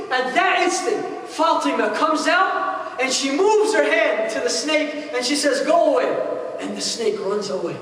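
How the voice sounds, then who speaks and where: Animated man preaching in an echoey hall. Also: extremely high pitch, far from the mic, a little hiss or hum. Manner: animated, acts out characters with casual slang. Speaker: imam. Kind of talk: storytelling sermon. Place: mosque hall.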